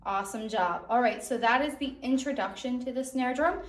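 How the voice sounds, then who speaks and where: A woman's voice: a little high, normal speed. A young woman music teacher giving an online drum lesson for children, encouraging and checking in with a frequent "okay?". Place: music room. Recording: echoey room, drum hits.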